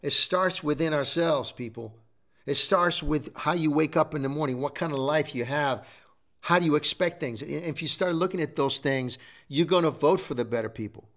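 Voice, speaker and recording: A man's voice: a little high, normal speed, fairly bright tone. A middle-aged man hosting a show, giving a preachy motivational talk full of repeated exhortations. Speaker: show host.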